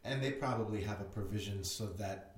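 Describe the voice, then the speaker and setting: A man's voice: fairly low pitch, fairly quick, over a noisy crowd. A man guesting on a casual podcast, rambling with hesitant restarts, recorded with a roomy echo and faint noise.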